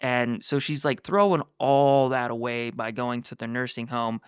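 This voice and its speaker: A man's voice: medium pitch, steady tone, normal speed, clear, resonant tone, no echo, clean studio sound. A man co-hosting a book podcast, chatting casually and filling in story context. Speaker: podcast co-host.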